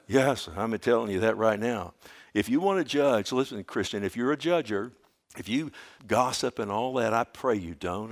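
A man preaching a sermon, earnest and conversational, often asking "Amen?" and calling listeners "loved one", rising to loud, emphatic bursts and dropping to soft asides. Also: lowish voice. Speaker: pastor.

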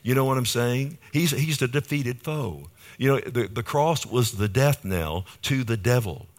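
A man's voice: medium pitch, a little slow. A male pastor preaching a sermon, asking the congregation questions and building emphasis on key phrases.

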